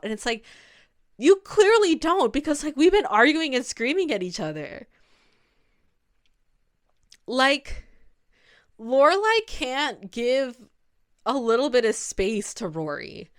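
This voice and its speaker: Chatty young woman, smooth voice. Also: high-pitched, sing-song, slow, long pauses. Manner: chatty, many "like" fillers and restarts. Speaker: video essay host. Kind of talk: casual commentary.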